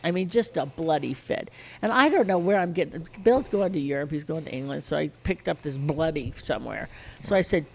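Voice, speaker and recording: A woman in her sixties telling animated stories on a podcast, casually swearing and acting out a child's shrieks. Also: low-pitched, brisk, creaky, breathy edge. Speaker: guest storyteller.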